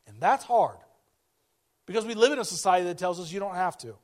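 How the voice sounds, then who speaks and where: A man's voice: high voice, lively intonation, fairly quick. A male pastor preaching a sermon in a conversational way, repeating key phrases and acting out quoted voices.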